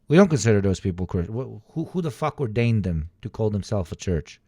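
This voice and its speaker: Animated, profane male streamer ranting. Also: on the low side, a little fast, few pauses, no echo, clean studio sound. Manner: profane, animated ranting with sarcastic mock voices. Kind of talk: casual livestream commentary.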